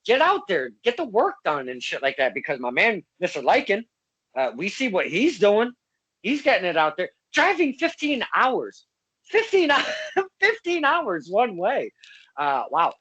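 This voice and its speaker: A man with a high voice hosts a casual interview. He is relaxed and chummy, laughs often and pads his questions with fillers. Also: measured pace, slightly rough. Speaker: podcast host.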